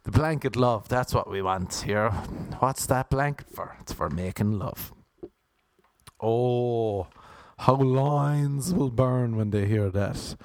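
Young Irish man, comic rambler, slow drawl with a gravelly edge. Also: medium pitch. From Ireland. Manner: playful, drifts into sing-song crooning bits.

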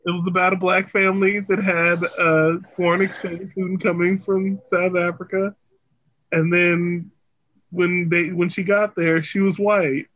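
A man's voice: high-pitched, flat delivery, highs cut off. A man in a casual chat, giggling often as he recalls things. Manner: giggly, quick to laugh.

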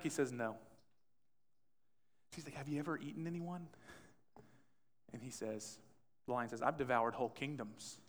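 A man's voice: mid-range voice, fairly even intonation, brisk, long pauses, fairly bright tone. A man preaching a conversational sermon as pastor, acting out quotes and asking the room questions. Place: church sanctuary. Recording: long church hall reverb.

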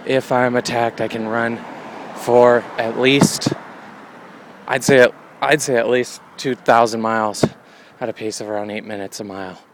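Male comedian, mid-pitch, wry meandering monologue, slightly out of breath, light traffic noise. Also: little pitch movement, unhurried. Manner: wry, meandering, jokey asides. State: winded after a run. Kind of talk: rambling deadpan monologue. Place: outdoors by a road.

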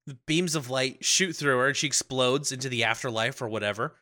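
A man co-hosting a podcast, recapping a film in casual chat and acting out characters in quick impressions. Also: mid-range voice, sharp tone.

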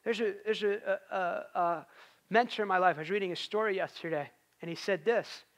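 A man's voice: sits high, a little fast, fairly bright tone. A man preaching a sermon in a conversational way, rising to emphatic peaks.

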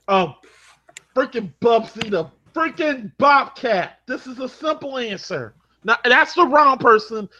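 A man ranting on a game panel, his voice bright and edgy with lively swings of pitch. He repeats himself, builds into exaggerated yelling, and comes through a dull lo-fi mic. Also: unhurried, a little hiss or hum. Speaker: panel contestant. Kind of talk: comedic rant.

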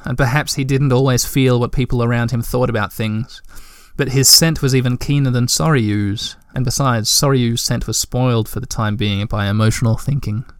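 A man narrating a storybook at a measured, gentle pace. His voice sits at a middle pitch, recorded close and dry with no room sound. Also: clean tone, no echo. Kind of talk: audiobook narration.

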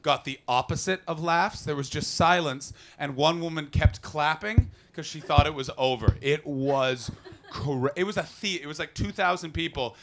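Young male stand-up comic, bright and fairly high voice, rambling and loud at times. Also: moderate pace. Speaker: stand-up comedian. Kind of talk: stand-up set. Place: comedy club stage before an audience. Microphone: handheld stage mic.

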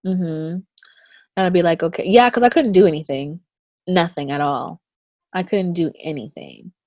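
A young woman with a somewhat low voice talks casually, bringing her stories to life by acting out other people's lines with big leaps in pitch. The sound is dry and close, with no room around her. She speaks like someone being interviewed in a relaxed conversation. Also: moderate pace, no echo. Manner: animated storyteller who acts out quotes with big pitch jumps.

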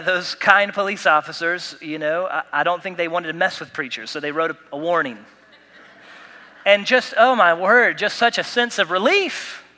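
Bright, animated preaching man in a hall. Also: sits high. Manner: animated preaching with humor and emphatic repetition. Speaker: pastor. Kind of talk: sermon. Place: church sanctuary.

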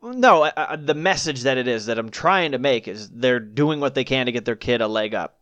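Podcast co-host, male, contrarian and teasing; smooth voice, dry close sound. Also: medium pitch, lively intonation, brisk, a bit bright, no echo, muffled recording. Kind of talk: casual chat.

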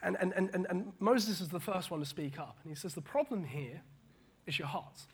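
Husky animated male preacher. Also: high voice, moderate pace. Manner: animated, repeats words, quotes scripture in paraphrase. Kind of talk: casual sermon.

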